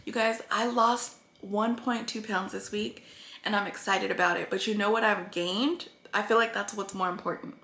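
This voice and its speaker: Recorded in an echoey room, a woman speaks in a mid-range voice that is pushed and bright, with fairly even intonation and a moderate pace. Her vlog rambles earnestly through her weight-loss progress, and she is tearful at points.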